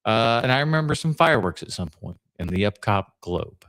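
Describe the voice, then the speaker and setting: A man's voice: on the low side, expressive, brisk, fairly bright tone. A man hosting a podcast, chatting casually and telling long rambling stories with fillers and laughs along the way. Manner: rambling storyteller, laughs mid-story, many fillers. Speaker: podcast host.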